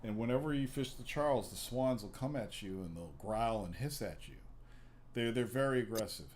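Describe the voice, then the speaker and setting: A man's voice: medium pitch, lively intonation, moderate pace, a little hiss or hum. A man hosting a podcast, telling long rambling stories in casual, profane chat. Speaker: podcast host.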